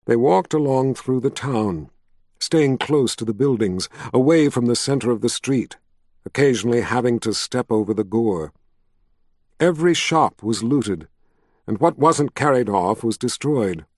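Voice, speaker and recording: Reading scripted narration, a male audiobook narrator keeps a steady, measured storytelling manner. The sound is dry and his voice falls in the mid range.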